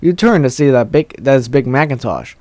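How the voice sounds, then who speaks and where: A young man reads a text adventure aloud, tripping over words and poking fun at his own slip-ups. His voice sits at an ordinary male pitch, and the close mic gives a dry, deadened sound. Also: lively intonation, brisk, a little mellow, no echo. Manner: stumbling, self-deprecating. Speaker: let's play host. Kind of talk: reading aloud a text game.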